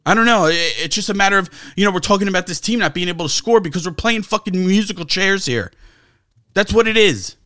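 A man's voice: high voice, animated, fast, bright, forceful tone, no room sound. A man co-hosting a sports talk show, ranting with heavy swearing and sarcasm. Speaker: sports podcast co-host. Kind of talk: heated sports talk rant.

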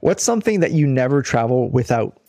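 A man's voice: mid-range voice, big pitch swings, fairly quick, creaky, dark tone. Casual swearing man host. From French Canada. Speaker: podcast host. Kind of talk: casual chat.

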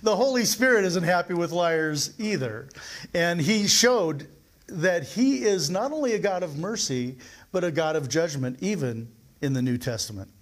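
A man's voice: a little high, expressive, moderate pace. A middle-aged man preaching a sermon in a church, talking conversationally and asking the congregation questions. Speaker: pastor.

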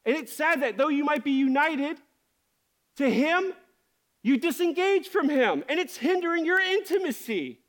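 High-pitched guy preaching, passionate and honest, talks straight to the church. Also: big pitch swings, normal speed, fairly bright tone. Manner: passionate, candid. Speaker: pastor. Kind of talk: sermon.

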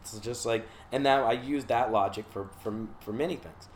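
A man's voice: medium pitch, moderate pace, over a noisy crowd. A man from Charleston, South Carolina, casually telling a long story about his time in rehab. He swears freely and slips into voices for the people he quotes. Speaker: guest recounting his rehab stay.

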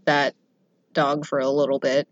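A woman's voice: rumbling low, level tone, normal speed, a crowd in the background. A young woman in casual chat, telling rambling anecdotes full of fillers and acting out what people said. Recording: dry, slightly muffled audio.

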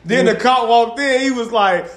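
Male host, very high voice, playful and laughing; echoey room. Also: moderate pace, fairly bright tone. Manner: playful questions and retold anecdotes, laughing. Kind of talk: casual chat.

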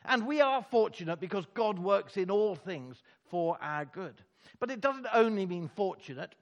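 A man preaching a sermon, emphatic, with dramatic pauses and words repeated for effect. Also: high-pitched, expressive.

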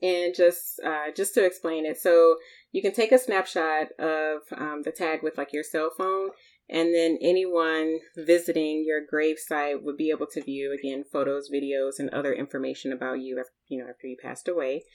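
Low-voiced woman co-hosting a chat. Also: steady tone, moderate pace, darkish tone. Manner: thoughtful, hedging with fillers. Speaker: podcast co-host. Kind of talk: casual chat.

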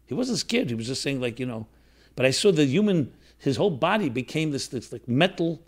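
A man's voice: medium pitch, lively intonation, fairly quick. A man, a rabbi, telling a personal story to his listeners in an earnest, reflective way, with restarts and fillers. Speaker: rabbi teaching a class.

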